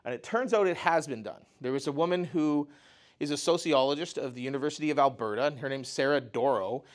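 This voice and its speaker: A man's voice: mid-range voice, fast. Conversational man telling a personal story. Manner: conversational, often says "you know" and "right?". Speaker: speaker at a mental health talk.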